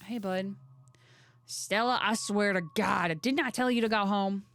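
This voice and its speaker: A woman voicing a gruff, stern old rural man who talks in a folksy way. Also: medium pitch, fairly even intonation, unhurried, fairly bright tone.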